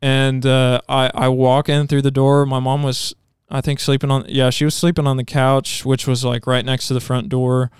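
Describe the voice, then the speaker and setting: A man of middling pitch tells a personal testimony in casual podcast chat, rambling and restarting as he goes. His voice is exceptionally smooth and resonant. The sound is dry and close, with no room around it. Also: flat delivery, moderate pace, few pauses, no room sound. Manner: earnest, rambling storytelling with many restarts. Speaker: podcast co-host.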